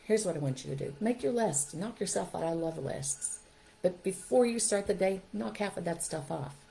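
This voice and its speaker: A woman's voice: mid-range voice, expressive, normal speed, gravelly, warm tone, slight background noise, low-quality recording. A middle-aged woman hosting a parenting podcast, giving upbeat, coaching advice and often checking in with "okay?" and "right?". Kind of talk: encouraging advice talk.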